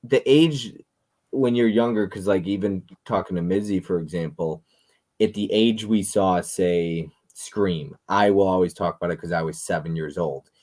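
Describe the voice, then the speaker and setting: A man's voice: low voice, normal speed, a little mellow. A man in his thirties hosting a casual chat, blunt and opinionated, swearing freely. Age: 30s. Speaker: podcast host.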